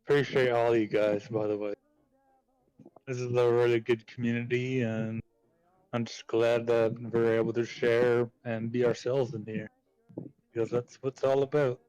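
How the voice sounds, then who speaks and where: A man's voice: medium pitch, little pitch movement, normal speed, darkish tone, clean tone, dry recording. A man chatting casually on a live stream, easygoing and affectionate toward the viewers. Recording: dry, slightly dull mic with faint music.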